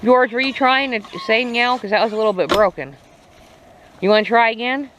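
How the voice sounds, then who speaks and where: A farm vlogger with a slightly high, somewhat bright voice speaks at a normal speed, chatting casually outdoors among her poultry and teasing the animals in playful baby talk. The noisy farm recording picks up clucking chickens and crowing roosters.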